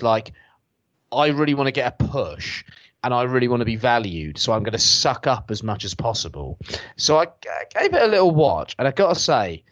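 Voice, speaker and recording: A man's voice: mid-range voice, dry recording, lo-fi sound. A British podcast host rants from his sofa, sarcastic and foul-mouthed. His voice leaps up and down with exaggerated disbelief. The sound is dry and close. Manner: sarcastic, expressive, swears freely. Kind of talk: casual ranting chat. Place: at home on a sofa.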